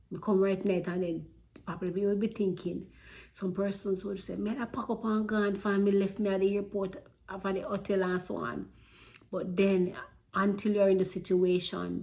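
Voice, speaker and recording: A woman's voice: on the low side, vocal fry, darkish tone. A woman with a Jamaican accent earnestly recounting a personal story, with emotion and Patois-flavoured speech.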